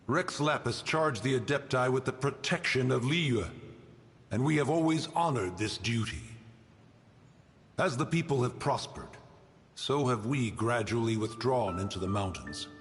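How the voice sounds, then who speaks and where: An actor playing a stern, ancient guardian spirit of a mountain who speaks in an archaic, formal, menacing way. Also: male voice, mid-range voice, lively intonation, measured pace, long reverb tail. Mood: solemn. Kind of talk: game cutscene voice acting.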